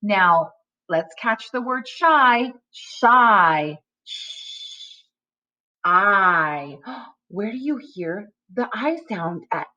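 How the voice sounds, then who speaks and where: Woman teacher leading a phonics lesson for young children; slow and patient, with a lively up-and-down voice. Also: a little high, highs cut off. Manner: slow, sing-song, drawn-out sounds.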